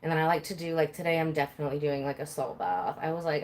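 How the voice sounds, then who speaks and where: A woman's voice: low-pitched, animated, fast, hardly any pauses, a little hiss or hum. A young woman hosting a live session, chatting casually and bubbly with many fillers while giving a massage. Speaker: massage practitioner and live host.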